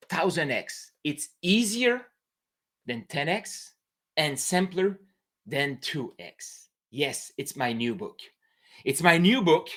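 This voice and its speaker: Fervent French Canadian man, slow and bright. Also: a little high. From New Brunswick, Canada. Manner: emphatic, fervent, halting non-native English with broken phrasing. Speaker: entrepreneur coach. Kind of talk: late-night live stream monologue.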